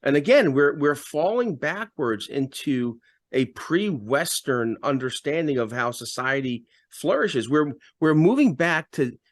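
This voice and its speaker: A man's voice: a little high, animated, measured pace, no room sound, studio quality. A man co-hosting a political talk show, speaking emphatically and stumbling over repeated words as he builds his points. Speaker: radio host and podcast co-host.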